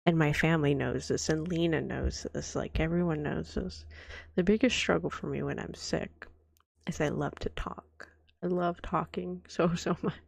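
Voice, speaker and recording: A young woman with a cold-roughened, hoarse voice, chatting in a whispered role-play as a streamer, soft and breathy and often dropping to a whisper. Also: low-pitched, moderate pace, dry recording. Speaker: vtuber streamer.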